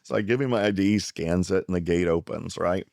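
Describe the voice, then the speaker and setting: A middle-aged psychiatrist from South Texas tells a long personal story as a guest and acts out the voices of the people in it. His voice sits very low and has a rough, gravelly edge. The sound is dry and close, with no room echo. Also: brisk. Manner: animated storyteller who acts out the people he quotes. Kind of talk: storytelling in a conversation.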